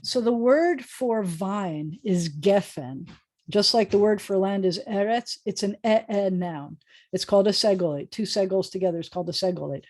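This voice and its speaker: A woman's voice: mid-range voice, a little mellow. Patient woman rabbi teaching online. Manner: explanatory, patient, with frequent ums. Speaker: rabbi teaching prayer book Hebrew. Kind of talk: online Hebrew lesson. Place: home video call. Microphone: video call microphone.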